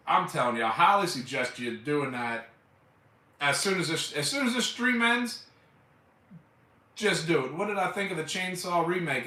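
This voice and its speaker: Male streamer, chatty and rambling, sharp bright tone, roomy sound. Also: fairly high pitch. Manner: rambling, enthusiastic, with loose swearing and fillers like "man". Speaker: live streamer. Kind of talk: casual chat. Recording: echoey room, mic at a distance.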